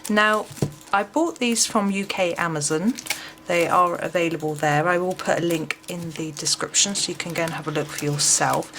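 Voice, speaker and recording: A woman giving a casual, chatty flip-through of a book, often pausing with um and uh. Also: lowish voice, background noise. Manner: chatty, with frequent ums and uhs. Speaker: craft book reviewer.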